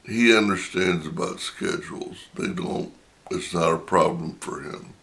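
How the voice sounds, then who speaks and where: A middle-aged man, slowly telling a personal anecdote in a casual, drawn-out way. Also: sits low, creaky, fairly bright tone. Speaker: storyteller.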